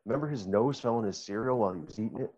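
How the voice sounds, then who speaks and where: A man's voice: lowish voice, rapid-fire, darkish tone. A man joining a podcast remotely as guest co-host, laid-back and joking in casual chat, with a dull lo-fi sound.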